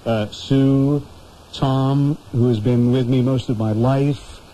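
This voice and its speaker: A male radio host chats live from the studio, his voice mellow and mid-pitched. He talks in a friendly way and often trips over his words as he goes. A faint hiss sits under the sound. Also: fairly even intonation, slow, rough recording. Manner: warm, fumbling, repeats words. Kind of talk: live radio chat on a final broadcast.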